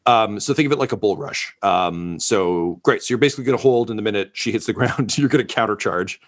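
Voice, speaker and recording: Low-voiced man running a tabletop game. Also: quick pace. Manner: relaxed, many ums and uhs. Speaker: game master.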